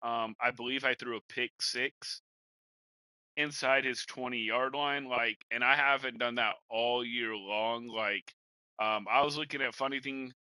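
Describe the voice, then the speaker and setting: This young podcast host speaks a little slowly in a mid-range voice with fairly even intonation and a sharp edge, though the dry recording has poor audio. Troubled by hiccups, he chats loosely and rambles, calling his cohost "bro" and "man"; he plays Madden too.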